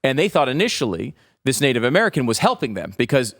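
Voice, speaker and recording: Male guest, midrange voice, halting casual talk. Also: mid-range voice, big pitch swings, a bit bright. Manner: hesitant, with restarts. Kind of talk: casual discussion.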